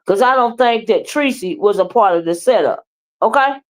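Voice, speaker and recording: A woman with a somewhat high voice and a drawl, commenting on a livestream. She talks bluntly and profanely, animated and trash-talking, while chatting with her viewers. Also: moderate pace. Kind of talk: live commentary and chat with viewers.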